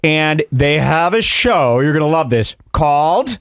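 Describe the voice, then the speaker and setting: A male podcast host giving casual, mocking commentary in a sarcastic, animated way, somewhat out of breath. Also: fairly high pitch, unhurried, smooth, dry recording, clean studio sound. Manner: sarcastic, animated, breaks into mock voices.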